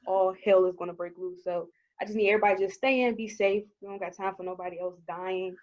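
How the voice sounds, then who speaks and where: A woman co-hosting a casual group chat who talks bluntly and jumps in with quick remarks. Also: mid-range voice, fairly even intonation. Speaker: podcast co-host. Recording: slightly dull lo-fi sound.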